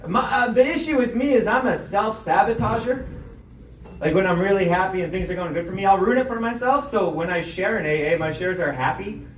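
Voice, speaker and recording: A man's voice: high voice, brisk, echoey room, distant mic, a little hiss or hum, rough recording. A young man hosting a comedy show and doing stand-up, telling self-deprecating stories with acted-out quotes. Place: comedy club stage.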